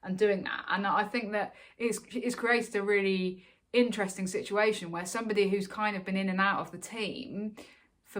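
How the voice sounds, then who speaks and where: A woman's voice: medium pitch, fairly bright tone. A woman co-hosting a cricket podcast, talking casually with lots of fillers and restarts. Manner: chatty, many fillers and restarts. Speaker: podcast co-host.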